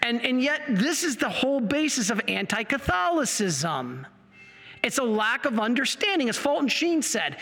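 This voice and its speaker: A man's voice: sits high, pushed and bright. A man giving a passionate religious apologetics lecture with slides, getting worked up as he explains. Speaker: Catholic apologetics speaker. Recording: long hall reverb.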